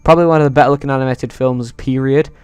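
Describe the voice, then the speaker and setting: Excitable male vlogger, casual and foul-mouthed, smooth mid-pitched voice. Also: very fast, dry recording. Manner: excitable, swears freely. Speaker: YouTuber. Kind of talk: casual movie ranking vlog.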